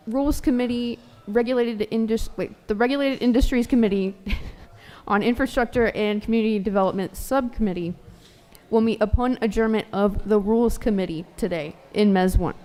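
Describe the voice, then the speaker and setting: Lady reading out bill text, warm smooth voice, steady and formal. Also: fairly high pitch. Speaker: senate secretary reading bills. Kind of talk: reading legislative text aloud.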